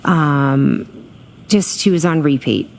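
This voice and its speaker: Low, creaky-voiced woman testifying. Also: takes it slowly, darkish tone, slight background noise. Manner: hesitant, many ums, short answers. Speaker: trial witness. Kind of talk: courtroom testimony. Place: courtroom.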